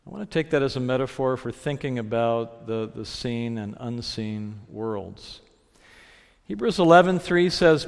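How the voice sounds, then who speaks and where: A man preaching a sermon, telling his story in a reflective way. He slows down to lean on the phrases that matter. His voice sits in a middle pitch and carries a long reverb from a large hall. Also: animated, gravelly.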